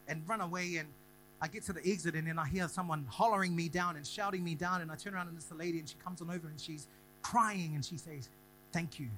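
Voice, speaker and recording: A young man preaching a sermon, telling a story and building to loud, rhythmic declarations. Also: a little high, poor audio. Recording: faint music and mains hum behind.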